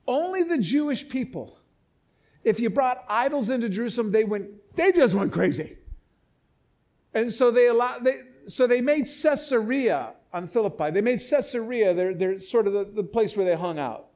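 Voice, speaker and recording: Impassioned middle-aged male pastor, high voice, emphatic sermon delivery. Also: lively intonation, normal speed, a little mellow. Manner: emphatic, impassioned preaching with repeated restarts. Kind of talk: sermon, reading and explaining scripture.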